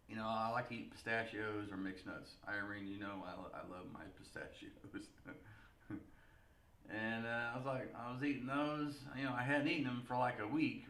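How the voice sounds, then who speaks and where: A man's voice: medium pitch, sharp tone, reverberant. A man telling a long story casually to camera, rambling and laughing, with a stuffed, nasal sound. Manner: rambling, lots of "you know" and laughs. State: nasal congestion. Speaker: vlogger.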